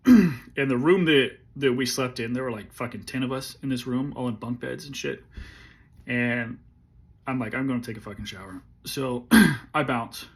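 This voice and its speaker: A husky-voiced army veteran in his forties tells a war story in a relaxed, conversational way. His pitch sits in a mid range. He swears constantly and often pauses to clear his throat. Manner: profane, laid-back, clears throat often. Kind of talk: casual storytelling.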